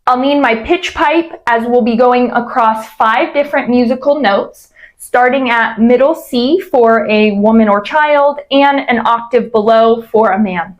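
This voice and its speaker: A woman coaching vocal exercises, explaining clearly and demonstrating glides. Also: fairly high pitch. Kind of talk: instructional voice exercise lesson.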